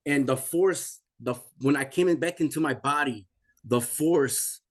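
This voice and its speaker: A man's voice: medium pitch, a little slow. Intense man in his forties recounting. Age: 40s. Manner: intense, repetitive, restarts mid-sentence. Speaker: guest telling a near-death experience. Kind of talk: emotional personal testimony.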